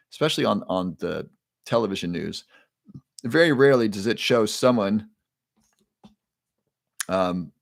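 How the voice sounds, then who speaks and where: A man with a lowish, gravelly voice hosts a live online show, walking viewers through a breathing exercise. He talks in an upbeat, chatty way and keeps asking the audience to join in. The sound is dry and close. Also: no room sound. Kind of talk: live stream talk leading a breathing exercise.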